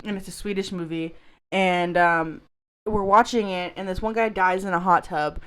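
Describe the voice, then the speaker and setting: A woman co-hosting a casual podcast. She tells stories in an animated, profane way, leaning on "like" between phrases. Her delivery stays loose and conversational. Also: fairly low pitch, normal speed, clean tone. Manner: animated, profane storytelling with lots of "like". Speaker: podcast co-host. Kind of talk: casual chat.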